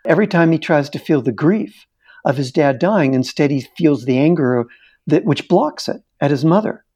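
A man's voice: fairly high pitch, lively intonation, moderate pace, mellow, highs cut off. A middle-aged man, a therapist and interview guest, animatedly telling a case story and acting out the dialogue.

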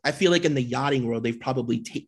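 Husky man reading gossip aloud. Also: mid-range voice, fast talker. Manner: reads aloud in an exaggerated, mocking tone, laughs easily. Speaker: podcast co-host. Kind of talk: reading blind items and casual chat.

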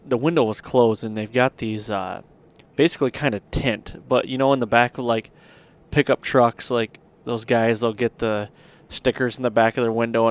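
A man hosting a podcast, telling a long hunting story in a rambling, casual way with lots of fillers. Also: mid-range voice. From Michigan. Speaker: podcast host.

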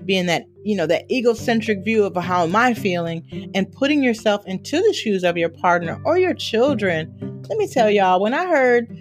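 A woman speaking as a therapist on a podcast, telling stories in a lively way and laughing often. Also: mid-range voice, moderate pace, soft background music. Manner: animated storytelling with frequent laughter. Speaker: therapist guest. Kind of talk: podcast interview.

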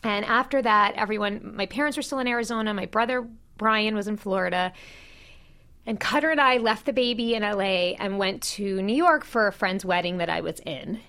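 A woman in her thirties, a podcast co-host, candidly retelling a painful personal story with animated quoted dialogue. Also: medium pitch, brisk. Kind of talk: personal storytelling in casual chat.

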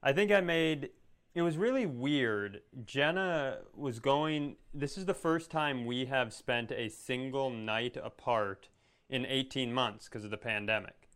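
A man's voice: medium pitch, a little slow, a bit bright. A man co-hosting a comedy podcast, telling rambling stories in casual chat. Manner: rambling storyteller, restarts and asides. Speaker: podcast co-host.

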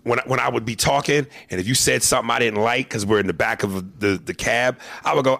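A comedian hosting his podcast, swearing freely as he tells animated stories. His voice is low and gravelly with a bright, forward edge. The sound is dry and close to the mic. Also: fast talker, few pauses, no echo. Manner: profane, animated storyteller. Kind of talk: casual podcast storytelling.

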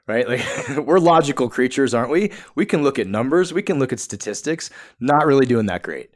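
A man's voice: medium pitch, expressive, a little fast, hardly any pauses. A man, a podcast guest, talking earnestly and emphatically in a coaching tone. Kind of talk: podcast interview.

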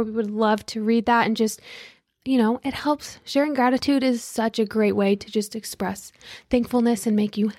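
A woman's voice: fairly high pitch, no room sound, clean studio sound. A woman hosting a podcast, talking in a bubbly, gushing, chatty way. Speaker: podcast host. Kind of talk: casual podcast chat.

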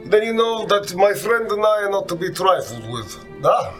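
A man's voice: high-pitched, sing-song, moderate pace, fairly bright tone, faint music behind, pitched above the performer's own voice. A man playing a smug, foppish male vampire rogue who talks in a silky, theatrical way in a tabletop game.

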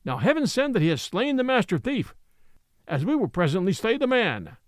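Man voicing a gloating sheriff, scheming, lively pitch, storybook. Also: moderate pace, no room sound, clean studio sound. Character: scheming gloating male sheriff, middle-aged.

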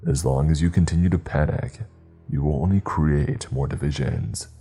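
A man voicing a stern, disembodied entity that gives slow, measured commands in a deep voice. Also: warm tone, slightly rough, faint music behind, full character voice. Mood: commanding.

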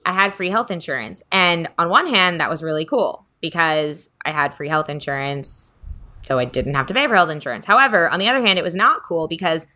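A woman's voice: lowish voice, brisk, pushed and bright. A woman talking in a casual, rambling, reflective way, with lots of fillers, as a podcast co-host. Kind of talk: casual spiritual chat.

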